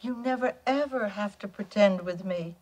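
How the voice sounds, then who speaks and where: A woman's voice: mid-range voice, moderate pace, darkish tone, natural voice, poor audio. A woman playing a sweetly condescending wife. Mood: falsely sweet. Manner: sweetly condescending, laughing through her words. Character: sugary passive-aggressive woman, condescending wife. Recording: played video clip with background noise.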